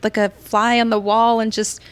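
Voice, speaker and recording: A woman guest on a podcast, talking with energetic, motivational enthusiasm. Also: on the high side, normal speed, clear, resonant tone, no room sound. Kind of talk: casual chat.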